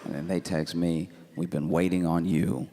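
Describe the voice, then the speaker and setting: A man doing stand-up, telling a story in a deadpan, laid-back way with laughing asides. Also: low voice, normal speed, background noise. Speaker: stand-up comedian.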